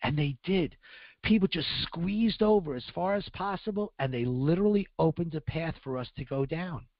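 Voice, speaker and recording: A man's voice: fairly high pitch, moderate pace, no echo. Earnest man telling a story, lo-fi. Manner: earnest, acts out dialogue in raised voices. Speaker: guest recounting survival. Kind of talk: first-person storytelling on radio.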